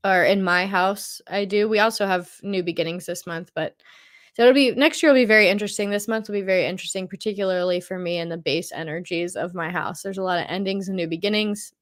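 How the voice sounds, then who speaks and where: A middle-aged woman consulting on feng shui, presenting a monthly forecast over slides in a chatty way, thinking aloud and repeating phrases as she searches for words. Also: medium pitch.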